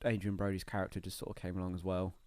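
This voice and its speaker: A man's voice: low voice, monotone, racing, darkish tone, clean tone, dry recording. Rambling man with a dry sound. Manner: rambling, laughs easily. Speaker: podcast co-host. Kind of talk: casual chat.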